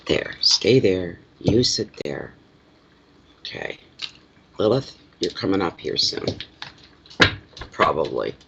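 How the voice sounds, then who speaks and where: A man's voice: sits low, big pitch swings, takes it slowly, long pauses. A man with a stuffy nose, rambling to himself while he gets ready for a casual card reading. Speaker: card reader. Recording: lo-fi with clear background noise.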